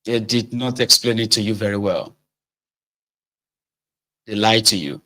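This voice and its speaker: A middle-aged man, hosting casual political commentary with sardonic, animated delivery. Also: on the low side, measured pace. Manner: animated, sardonic, swinging between mutters and outbursts.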